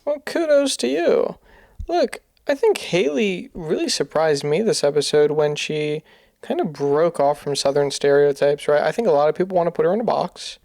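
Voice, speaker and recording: A podcast co-host in casual chat, curious and quick with questions. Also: medium pitch, expressive, a little mellow, no room sound, clean studio sound. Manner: curious, keeps asking questions.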